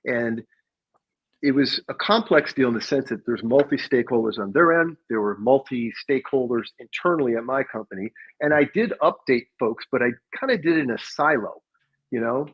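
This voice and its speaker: A man's voice: mid-range voice, animated, normal speed, slightly rough, highs cut off. A man who is a podcast guest with a sales career, talking in a reflective, casual way and laughing as he tells his stories. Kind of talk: casual conversational storytelling.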